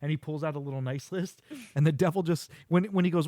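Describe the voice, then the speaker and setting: A man's voice: on the high side, fast, no room sound, studio quality. A middle-aged man hosting a podcast, eagerly recapping an episode, acting out quotes and laughing often. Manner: animated storyteller, acts out quotes, laughs often. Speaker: podcast host. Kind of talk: casual chat recapping a show.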